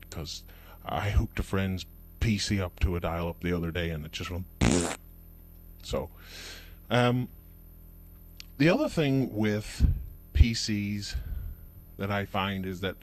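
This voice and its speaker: A man's voice: sits low, a little slow. A man hosting a puppet show, rambling through a comic monologue with hesitant fillers. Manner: rambling, chatty, with hesitant fillers and put-on voices.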